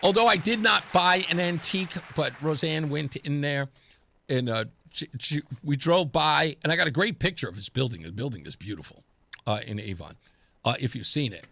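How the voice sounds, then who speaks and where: A man's voice: a little high, moderate pace, creaky. A man hosting a talk radio show, telling stories with laughs, his throat scratchy from pollen. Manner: animated, laughing storyteller. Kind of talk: casual talk radio monologue. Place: radio studio. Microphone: studio microphone.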